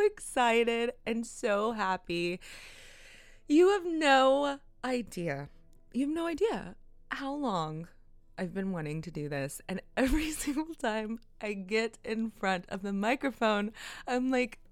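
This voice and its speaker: A young woman hosting her own podcast, talking in a giggly, excitable way and swearing often. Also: on the high side, no room sound, studio quality. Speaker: podcast host. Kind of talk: casual solo podcast.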